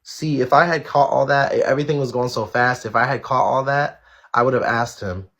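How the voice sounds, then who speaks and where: A man with a husky, slightly rough voice at an ordinary middle pitch, hosting a casual live stream. He talks bluntly to his viewers, swears freely and hammers his points home by repeating them. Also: brisk, fairly bright tone. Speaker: live-stream show host.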